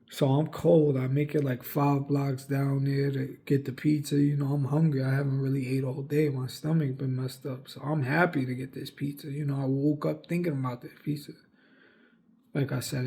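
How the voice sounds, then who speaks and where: A man's voice: mid-range voice, level tone, normal speed, vocal fry, warm tone. A young man from the United States telling a story, rambling with lots of fillers and cursing. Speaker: vlogger. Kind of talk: casual storytelling.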